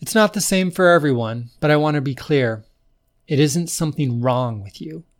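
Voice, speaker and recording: A man's voice: fairly high pitch, lively intonation, moderate pace, natural voice. A man voicing a stern, protective young woman in a storybook reading, speaking firmly and directly. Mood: earnest. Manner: firm and direct, turning indignant.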